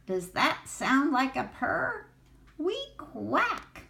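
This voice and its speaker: A woman's voice: high voice, sing-song, drawn-out words, vocal fry, slight background noise, pitched above the performer's own voice, heavily acted. An older woman reading a picture book, voicing a cheerful duck family with quacks. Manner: quacking, bright.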